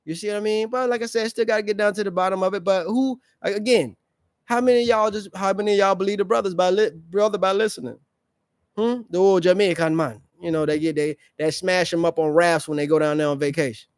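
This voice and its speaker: A high-voiced man rants in blunt slang on his live reaction stream, throwing questions at his viewers. The sound is dry and close, with no room around it. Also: steady tone, fast talker, clean tone, no echo. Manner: blunt, slangy, preachy, asks the audience questions. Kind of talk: ranting commentary on a played clip.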